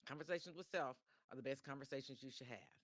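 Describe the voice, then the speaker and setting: A woman's voice: rumbling low, quick pace, no echo. Woman doing a motivational podcast live from home, chatty, repeats herself lots, dry close sound. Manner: chatty, repeats phrases, frequent restarts. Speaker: podcast host. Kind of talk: motivational live-stream monologue.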